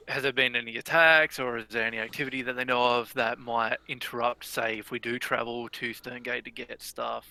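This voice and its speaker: A man plays a tabletop game, his voice gravelly with a very sharp, tense edge. He feels his way through sentences, pausing on "uh" and "like.". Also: medium pitch, low-quality recording. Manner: hesitant, searching for words with fillers. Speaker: player. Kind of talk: casual tabletop play.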